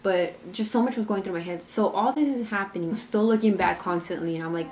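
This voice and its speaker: Chatty young mom telling a story. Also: female voice, mid-range voice, brisk, hardly any pauses, a little mellow, a little hiss or hum. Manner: chatty, retells scenes with many "like"s and quoted dialogue. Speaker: vlogger and mother. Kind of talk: casual storytime vlog.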